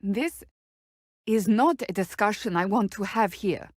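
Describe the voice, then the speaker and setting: A woman's voice: mid-range voice, a little slow, no room sound, clean studio sound, lightly acted. An actress playing a stern, blunt female warrior in curt, formal video game companion dialogue.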